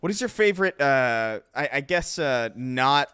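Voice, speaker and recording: A man's voice: medium pitch, lively intonation, unhurried, fairly bright tone, smooth, no room sound. A young man streaming games, chatting casually, joking and swearing with frequent restarts. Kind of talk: casual gaming-stream chat.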